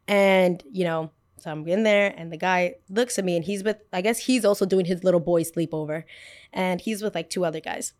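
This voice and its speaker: A woman's voice: lowish voice, steady tone, normal speed, darkish tone. A woman in her twenties, hosting a podcast and telling a personal story in a casual, chatty way full of "like" fillers. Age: 20s. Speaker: podcast host.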